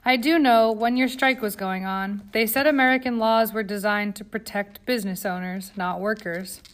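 A shy first-year law student, a young man who hesitates before he speaks, voiced by a woman reading a storybook. His voice sits at an ordinary pitch. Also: normal speed, lightly acted. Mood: hesitant. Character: young male law student, unsure of himself.

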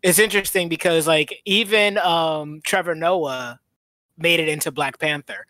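A podcast co-host in a casual movie chat, talking in an animated way with frequent laughs and quick asides. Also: mid-range voice, no room sound.

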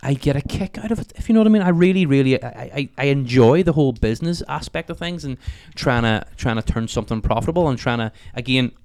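A man in his thirties with a Northern Irish accent, chatting as a podcast guest, animated and swearing freely. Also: mid-range voice, gravelly. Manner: swears freely, animated storytelling, rapid talk. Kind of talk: casual interview chat.

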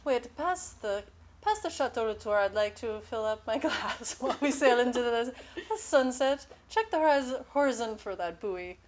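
A woman's voice: fairly high pitch, lively intonation, normal speed, lightly acted. A woman imitating her father, a debonair older Frenchman with a put-on French accent who gives lordly, self-satisfied orders on a sailboat. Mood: grandly lazy.

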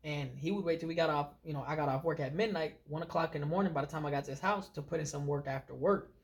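Speaking fast in a slightly high voice, this podcast co-host launches into animated stories during casual conversation. His talk is heavy with fillers.

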